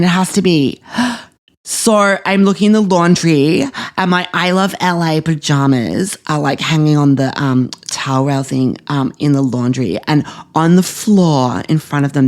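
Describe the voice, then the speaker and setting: Man doing Ja'mie, a gushing Australian girl. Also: a little high. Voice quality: gushing, breathless, swears constantly, lots of gasps. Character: spoiled, self-obsessed, dramatic young woman podcaster. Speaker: podcast host character. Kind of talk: scripted comedy podcast monologue.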